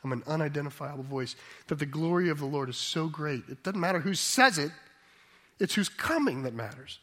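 A man's voice: on the high side, expressive, moderate pace, bright, forceful tone. A man preaching a sermon as pastor, thoughtful and reflective, sometimes rising to emphatic declarations.

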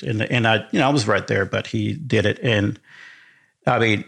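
A man's voice: lowish voice, steady tone, normal speed, creaky, a bit bright. A man from Argentina, a podcast guest and sound engineer, telling a story in a rambling, enthusiastic way with many restarts. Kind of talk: casual storytelling.

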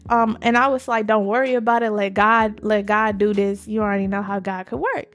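A woman co-hosting a podcast, telling a faith testimony in an emphatic, animated, casual way. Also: medium pitch, brisk. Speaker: podcast co-host.

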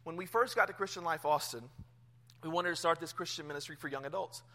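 A male pastor, around his thirties, preaching a sermon in church, telling a personal story with swings from hushed to loud. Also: a little high, fast talker. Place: church sanctuary.

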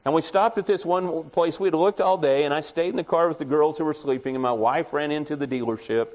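A man's voice: on the high side, fairly quick, darkish tone. A middle-aged man preaching a sermon in a conversational way, telling folksy stories from his own life. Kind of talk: storytelling sermon.

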